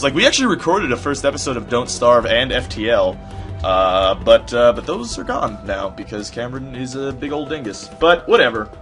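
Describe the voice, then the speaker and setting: A young man chats his way through a game, rambling and cracking jokes. His voice is bright and swings widely in pitch. Faint game music plays underneath. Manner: rambling, jokey, many fillers and restarts. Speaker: gameplay commentator. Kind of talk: casual gameplay commentary.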